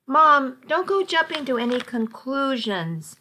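A woman's voice: high-pitched, very animated, sharp tone, a little hiss or hum, voice pushed up, exaggerated voice. A woman reading as a pleading teenage girl. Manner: earnest, hurried pleading.

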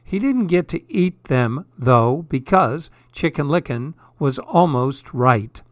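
A man reading comic, twisted fairy tales aloud in a deadpan, wry storytelling manner. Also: a little high, slow pace, dry recording.

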